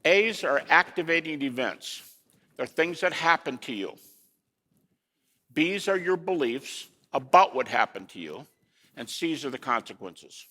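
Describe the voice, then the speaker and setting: A man giving a lecture to an audience in an animated way, with rhetorical questions and folksy asides. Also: a little high, long reverb tail.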